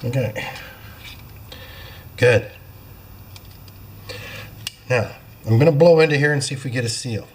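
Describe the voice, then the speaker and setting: In his repair workshop, a small-engine shop owner talks casually through a hands-on fix, explaining each step as he works. His medium-pitched voice is a little slow with frequent pauses, and he drops in self-deprecating, apologetic asides.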